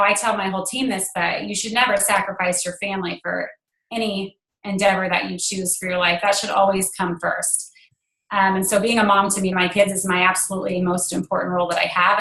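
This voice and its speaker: A woman in her thirties, a guest speaker on a team call, tells a personal story earnestly with many fillers, at times growing emotional. Her mid-range voice is a bit bright, captured in an echoey room on a rough recording.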